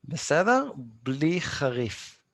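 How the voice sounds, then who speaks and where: A man with an Israeli accent teaching a live online Hebrew class, repeating words slowly and patiently and answering students by name. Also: fairly high pitch, very animated, no room sound. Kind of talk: live online language lesson.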